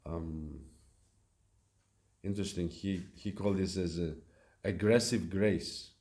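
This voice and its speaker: A man with a fairly low voice delivers a devotional talk at a temple. He speaks haltingly, often pausing on fillers and restarting phrases as he works through his points. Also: fairly even intonation, darkish tone. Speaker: lecturer at a temple. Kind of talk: devotional lecture. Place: temple hall.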